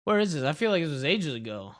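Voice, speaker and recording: A man's voice: fairly high pitch, sing-song, quick pace, dry recording, studio quality. A young man streaming live who rambles casually, swears freely and keeps saying "dude" and "bro". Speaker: livestreamer.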